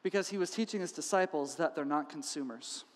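A man's voice: a little high, a little fast, long reverb tail. A male pastor preaching a sermon, telling the story with humor and acting out the quoted lines. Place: church sanctuary.

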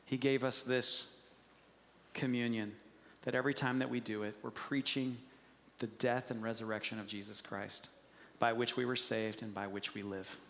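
A man's voice: medium pitch, fairly even intonation, moderate pace. Earnest male pastor in a reverberant hall. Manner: earnest, conversational preaching that drops soft and quiet for prayer. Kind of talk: sermon. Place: church sanctuary.

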